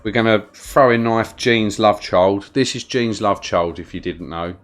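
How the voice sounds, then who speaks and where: This Londoner has a lowish voice and an unhurried delivery. While playing on a live stream, he keeps up a loose, chatty commentary and says hello to people in the chat.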